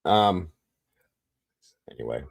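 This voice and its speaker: A man's voice: low-pitched, lively intonation, slow, creaky, no room sound. A man hosting a live stream, chatting casually with his viewers and often calling them guys, while he has the hiccups.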